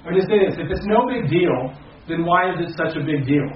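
A man preaching earnestly as pastor to a small congregation, rising loud and then dropping to soft, slow phrases. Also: on the high side, slight background noise. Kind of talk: sermon. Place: church hall with a small congregation. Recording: very echoey, distant and muffled hall recording.

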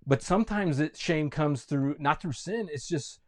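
A pastor giving a sermon, telling a story with lively energy and frequent restarts. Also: male voice, fairly high pitch, moderate pace.

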